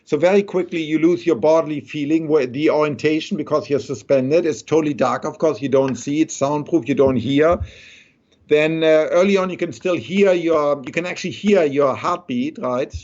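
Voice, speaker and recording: Man, rather high voice. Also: moderate pace, a little mellow. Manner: thoughtful, explains with many rhetorical "right?". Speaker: neuroscientist guest. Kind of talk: conversational interview. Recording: dull lo-fi sound.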